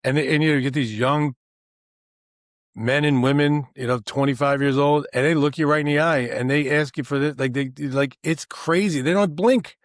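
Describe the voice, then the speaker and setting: A man's voice: a little high, normal speed, no echo, clean studio sound. A man co-hosting a podcast in casual chat, with a loose, "you know"-filled way of talking. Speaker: podcast co-host.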